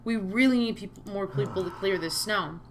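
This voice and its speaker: A woman playing a visual novel, reading all the characters' lines aloud and breaking off into excitable, gushing asides. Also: mid-range voice, normal speed, slight background noise. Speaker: let's-play streamer voicing all characters. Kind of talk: reading game dialogue aloud with commentary.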